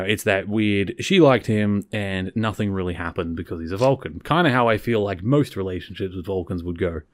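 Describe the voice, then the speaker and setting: A man with a lowish voice hosts a podcast, recapping an episode in a casual, rambling, conversational way and often correcting himself. There is no echo on the recording.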